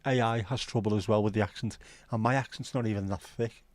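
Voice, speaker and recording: On a livestream, a middle-aged man with a South Liverpool Scouse accent chats casually, spinning rambling, sweary stories. His voice is fairly low and fairly even in intonation, fast and darkish in tone. The recording is dry.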